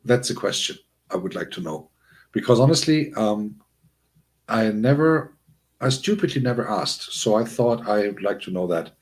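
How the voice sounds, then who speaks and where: A man hosting a casual livestream, chatting with viewers in a rambling, animated way with frequent restarts and chuckles. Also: moderate pace. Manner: bursts of high-pitched excitement. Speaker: livestream host. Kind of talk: casual livestream chat, talking to chat.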